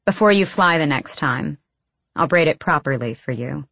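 Teasing blunt clan girl in a storybook, woman reading her, low voice, dry sound. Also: lively intonation, moderate pace, vocal fry, fairly bright tone, dry recording, exaggerated voice.

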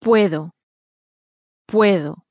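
A woman modeling single words for learners to repeat, slowly and deliberately. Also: mid-range voice, a little mellow, slightly rough, dry recording, clean studio sound. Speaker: course speaker modeling pronunciation.

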